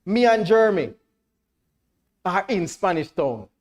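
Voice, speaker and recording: A Jamaican man preaching a sermon to a congregation in church, checking that everyone follows and rising to loud, emphatic declarations. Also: high voice, lively intonation, unhurried.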